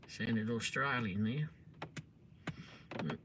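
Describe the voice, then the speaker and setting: Speaking slowly in a medium-pitched voice, a middle-aged Englishman chats with viewers on his live stream. The noisy audio carries his sarcastic replies to comments as he swears and mocks trolls.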